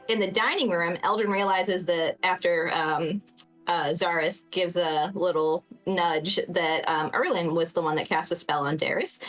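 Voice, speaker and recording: A woman's voice: fairly low pitch, fairly bright tone, poor audio. A woman giving a chatty, laughing recap of a tabletop game session, with many fillers.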